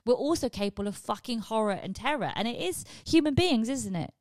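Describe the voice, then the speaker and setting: A woman hosting a comedy podcast, telling a rambling, animated story and swearing freely. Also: a little high, fairly quick, no echo. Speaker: podcast host. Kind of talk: comedic monologue.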